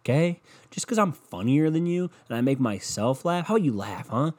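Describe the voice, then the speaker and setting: A man hosts a solo podcast at a mid-range pitch, talking into a bedroom microphone. He rambles and swears freely, jumping from one gripe to the next with a jokey edge. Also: big pitch swings, fairly quick, a little mellow. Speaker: podcast host. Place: bedroom, in the dark.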